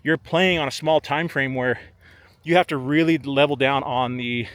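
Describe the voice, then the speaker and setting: A man's voice: medium pitch, normal speed, dry recording. A young man, a trader, chatting casually to camera outdoors on a golf course, a bit out of breath, peppering his talk with "like" and "man". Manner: relaxed, chatty, uses "like" and "man" a lot. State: slightly out of breath. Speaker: options trader and vlogger.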